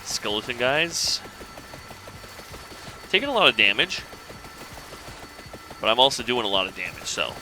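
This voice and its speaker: A man casually commenting on his own gameplay, thinking aloud in a relaxed, rambling way. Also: mid-range voice, unhurried, long pauses, background noise. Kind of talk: casual let's-play commentary.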